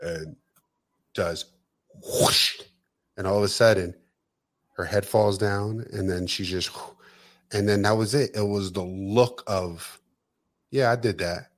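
A man co-hosting a podcast in casual, profane chat, telling stories in an animated way and laughing often. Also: fairly low pitch, takes it slowly, long pauses. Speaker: podcast co-host.

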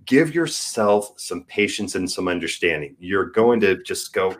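A man in his forties speaking as a guest, frank and earnest, his delivery swinging between soft and emphatic. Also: low-pitched, fairly quick, hardly any pauses. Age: 40s. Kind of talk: candid podcast conversation.

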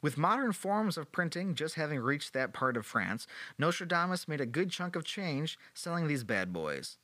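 Guy podcast host, playful and sarcastic, voice jumps all over, bright tone. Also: a little high, very animated, moderate pace, no echo. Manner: playful and sarcastic, with joking asides. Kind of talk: casual history storytelling.

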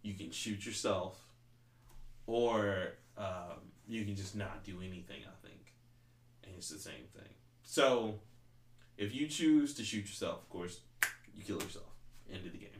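A man's voice: lowish voice, measured pace, a little hiss or hum. A man hosting a podcast in casual chat, rambling and swearing, leaning on "like" as filler. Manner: rambling, profane, heavy use of "like". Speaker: podcast host. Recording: roomy echo.

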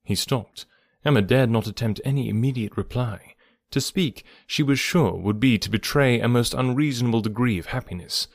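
A man narrating a classic novel as an audiobook, with a calm, even storytelling manner. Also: mid-range voice, normal speed, vocal fry, dry recording, clean studio sound.

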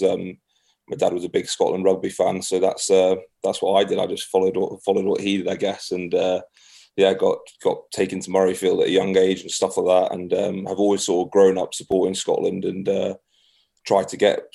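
A man's voice: sits low, gravelly, warm tone, slightly rough. A man with an English accent, a guest rugby player chatting casually in a podcast interview, laid-back and modest. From England.

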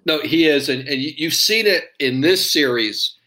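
A man hosting a relaxed chat with a fairly high, bright and forceful voice. He talks in a friendly way, laughs along with his guest and keeps the questions coming. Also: normal speed. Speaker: podcast host. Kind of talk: casual chat.

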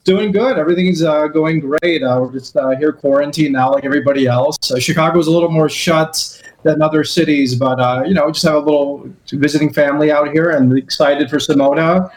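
Easygoing man with a higher voice. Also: steady tone, a little fast, poor audio. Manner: easygoing, filler-heavy. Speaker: guest. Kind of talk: casual chat.

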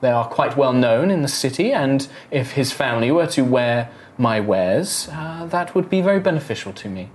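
A man voicing a formal, fawning male elf tailor who talks low and soft, in a tabletop role-play. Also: expressive, moderate pace, hardly any pauses, a little hiss or hum, lightly acted. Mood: wheedling. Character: smooth obsequious male elf tailor merchant.

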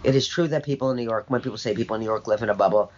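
A woman's voice: rumbling low, racing, dull audio, noisy background. An older woman being interviewed, talking in an emphatic, opinionated, sardonic way with rambling asides. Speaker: interview guest. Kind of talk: conversational interview.

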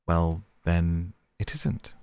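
A man's voice: deep voice, moderate pace, vocal fry, darkish tone, no room sound. A man voicing a small, earnest male mole who speaks cautiously and soothingly in a storybook reading. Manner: cautious, soothing, eager to please.

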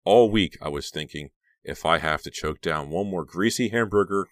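A man reading an audiobook, voicing a teenage girl singer in an earnest, lively way with rising intonation. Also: low voice, normal speed, no room sound, clean studio sound, lightly acted. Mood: cheerful.

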